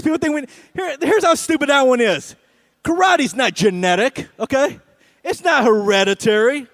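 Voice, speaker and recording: High-voiced sarcastic stand-up comic. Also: male voice, animated, normal speed, fairly bright tone. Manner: sarcastic, punchy delivery with frequent "right?" asides. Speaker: stand-up comedian. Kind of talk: stand-up comedy set. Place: comedy stage at an awards show.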